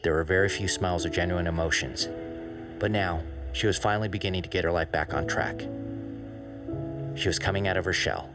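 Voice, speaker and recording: A man narrating a documentary in a measured, serious scripted read. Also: sits low.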